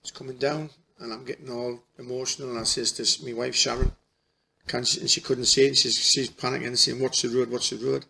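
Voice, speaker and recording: A middle-aged man telling a personal story in a halting, emotional way, restarting his sentences often. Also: medium pitch, little pitch movement, gravelly, bright, forceful tone, slightly rough. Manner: halting, repeats and restarts, folksy dialect. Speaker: spiritual healer.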